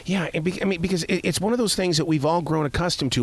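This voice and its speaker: A man's voice: a little high, slight background noise. A man hosting an interview, asking questions and praising his guest's film. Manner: effusive, quick to praise.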